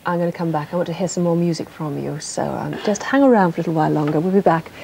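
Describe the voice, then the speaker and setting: A woman with a British accent hosts a casual television interview, chatty and teasing, with a flirty edge toward her guest. Her voice is mellow and warm, with faint noise behind it. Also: sits low, racing, gravelly. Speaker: TV talk show host.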